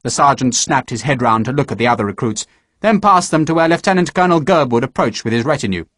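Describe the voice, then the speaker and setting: A man narrating an audiobook in a measured, expressive storytelling manner, recorded close to a studio microphone. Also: medium pitch, dry recording. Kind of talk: scripted narration.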